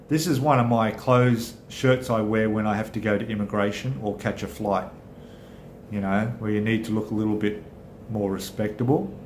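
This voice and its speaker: A man's voice: lowish voice, moderate pace, a little mellow, slight background noise. Chatty Australian man in echoey room. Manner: rambling, chatty, self-correcting. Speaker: channel host. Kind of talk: casual live chat with viewers.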